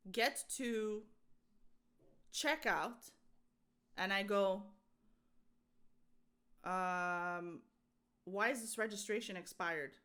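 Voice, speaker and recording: Young woman co-host, bright tense tone, animated storyteller who does the voices. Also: medium pitch, extremely slow, pauses often, clean tone. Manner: animated, acts out quoted voices, laughs often. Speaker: podcast co-host. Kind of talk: casual storytelling chat.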